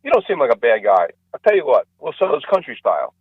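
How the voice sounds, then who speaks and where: A man voicing a stubborn, gruff male farmer who talks bluntly and insists. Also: medium pitch, wildly swooping pitch, quick pace, dry recording, phone-quality sound, exaggerated voice.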